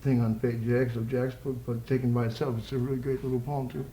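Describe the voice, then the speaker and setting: A man's voice: mid-range voice, little pitch movement, fast talker, mellow, a little hiss or hum. A man giving a live poetry reading with playful, rambling asides, chuckling between lines. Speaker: poet. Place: college social room with audience. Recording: echoey live room recording.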